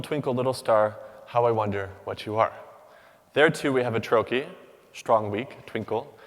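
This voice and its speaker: A man giving a rehearsed academic talk from a stage, with rhythmic, measured delivery and deliberate pauses. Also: medium pitch. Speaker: doctoral student speaker. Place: large hall. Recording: long hall reverb.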